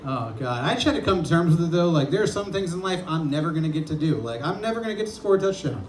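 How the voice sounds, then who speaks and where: A man in his twenties performing a self-deprecating stand-up comedy set on a club stage, telling stories and breaking into shouted impressions. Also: sits high, animated, brisk, crowd noise. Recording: echoey club with audience laughter.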